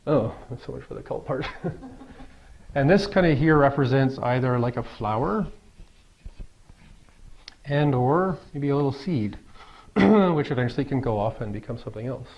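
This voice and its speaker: A man's voice: mid-range voice, expressive, moderate pace, pauses often. A middle-aged man teaching Daoist ideas to a small group in a loose, joking, conversational way, laughing often and using many fillers. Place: room with a live group. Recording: dull lo-fi recording.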